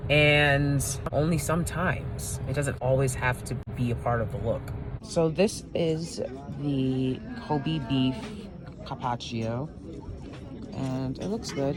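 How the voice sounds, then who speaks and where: A low-voiced woman giving a candid, casual vlog monologue, animated and quick to laugh. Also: heavy background noise. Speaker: vlogger.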